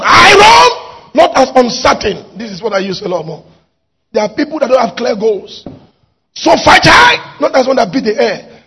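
A pastor preaching a sermon, swinging from shouted exhortation to quiet asides. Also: male voice, extremely high pitch, gravelly, slightly rough. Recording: dull lo-fi recording.

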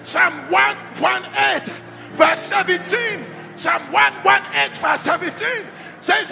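Slow and gravelly, a man with an extremely high voice delivers a fervent charismatic sermon in a large church hall, shouting repetitive decrees and telling the crowd to repeat after him. The space echoes, and faint music can be heard.

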